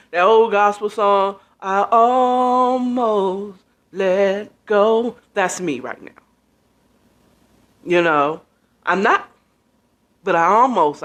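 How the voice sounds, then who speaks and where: A woman in her fifties hosting a podcast, ranting casually, tired and emotional, with frequent swearing. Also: lowish voice. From United States. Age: 50s. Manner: venting, profane, tired and emotional. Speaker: podcast host. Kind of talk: casual livestream rant.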